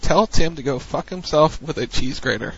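A man's voice: fairly high pitch, expressive, normal speed, breathy edge, dull audio. A man co-hosting a casual talk show, reading out matchups and teasing the others. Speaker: co-host running the match brackets. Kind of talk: casual chat.

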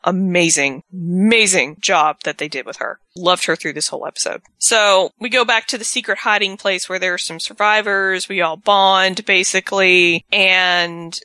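A woman's voice: lowish voice, fairly even intonation, moderate pace, few pauses, bright, forceful tone, dry recording. A woman co-hosting a show, recapping an episode in casual, rambling chat. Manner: chatty, rambling storyteller. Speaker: podcast co-host.

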